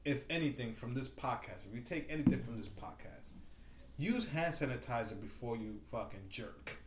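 A man's voice: mid-range voice, lively intonation, moderate pace, reverberant, heavy background noise. A man co-hosting a podcast in casual chat, joking crudely and swearing freely. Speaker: podcast co-host.

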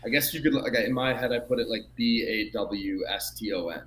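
A man with a Canadian accent, a podcast guest chatting casually, rambling and halting with many fillers. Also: medium pitch, a loud crowd, poor audio. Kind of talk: casual chat.

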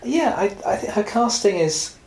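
A man's voice: high voice, sing-song, moderate pace, gravelly, a little mellow, reverberant, low-quality recording. A man co-hosting a casual film podcast, recapping the plot and teasing and correcting his co-host.

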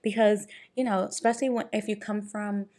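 A woman's voice: mid-range voice, flat delivery, a little fast, a little mellow. A woman in casual conversation, talking loosely with lots of fillers and restarts. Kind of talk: casual chat.

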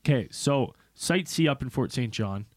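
A young man co-hosting a podcast, telling a story casually, swearing and mimicking people in squeaky voices. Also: lively intonation, moderate pace, no room sound, studio quality. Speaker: podcast co-host.

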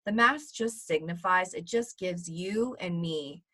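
A woman co-hosting a podcast, talking in a rambling, animated way with lots of fillers. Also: on the low side, measured pace. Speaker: podcast co-host. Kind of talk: casual podcast chat.

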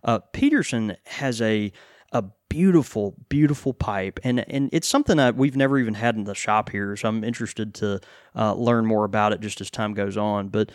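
A man co-hosting a casual podcast chat, relaxed and full of fillers and restarts. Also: fairly low pitch, moderate pace, no echo, studio quality. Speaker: pipe shop co-host.

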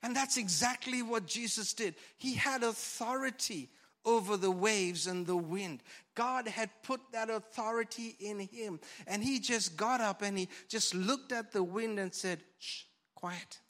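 Male pastor, high voice, bright tone, dynamic sermon delivery, handheld mic. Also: measured pace. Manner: lively preaching with loud shouts and sudden whispers. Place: church hall.

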